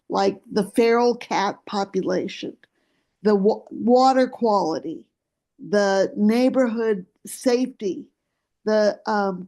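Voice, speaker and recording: A woman losing her voice, giving an earnest, halting public comment by remote call at a council meeting. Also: mid-range voice, darkish tone.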